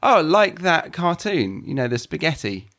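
A man's voice: fairly high pitch, very animated, a little slow, fairly bright tone. A man with a British accent hosting a podcast, easygoing and chatty, mostly answering with short agreeing replies. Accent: British English. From Britain. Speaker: podcast host. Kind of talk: casual chat and podcast outro.

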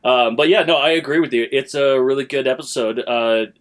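A man co-hosting a podcast in casual chat, speaking haltingly and often restarting his sentences. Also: mid-range voice. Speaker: podcast co-host.

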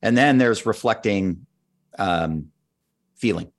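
A man's voice: on the low side, slow. A man speaking as a guest expert, patiently explaining his ideas step by step in conversation. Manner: patient, methodical teacher who walks through steps. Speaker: guest expert on team skills.

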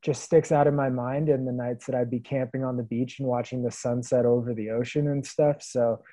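A man around thirty from the Pacific Northwest, chatting easily as a podcast guest. His voice is mellow and unforced, recorded close and dry with no room sound. He laughs his way through stories at a relaxed clip. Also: mid-range voice, a little fast, no room sound, rough recording. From Vancouver, Washington. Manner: easygoing storyteller, laughs often. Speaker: guest, long-distance hiker.

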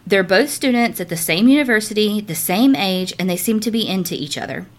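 A woman with a mid-pitched voice co-hosting a casual podcast. She reads stories aloud with animated, gossipy energy and drops the odd swear word. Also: brisk. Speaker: podcast co-host. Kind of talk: casual chat, reading listener stories.

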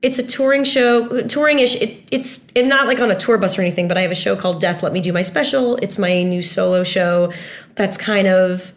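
A woman guesting on a podcast, chatty and bubbly, talking in quick run-on sentences. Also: medium pitch. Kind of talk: casual podcast chat.

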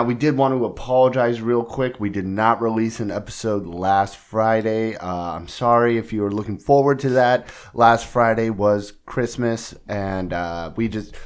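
Raspy laid-back man on a podcast. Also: fairly low pitch. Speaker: podcast co-host. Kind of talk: casual podcast chat. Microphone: studio podcast mic across a table.

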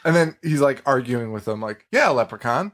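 A man's voice: medium pitch, brisk. A man hosting a podcast, chatting casually about a horror movie, laughing and acting out scenes. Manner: animated, laughing, acts out movie lines. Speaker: podcast host. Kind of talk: casual movie review chat.

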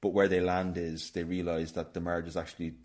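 A man's voice: deep voice, flat delivery, fast talker, darkish tone. A man co-hosting a podcast, chatting casually about films, laughing often and restarting his sentences as he rambles. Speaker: podcast co-host. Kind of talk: casual film chat.

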